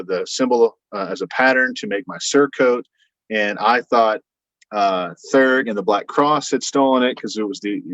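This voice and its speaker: A man telling a long anecdote as a guest, in a casual, rambling way, acting out what others said. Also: no echo. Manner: rambling, animated retelling with quoted voices and frequent fillers. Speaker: podcast guest. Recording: dull, dry low-fidelity sound.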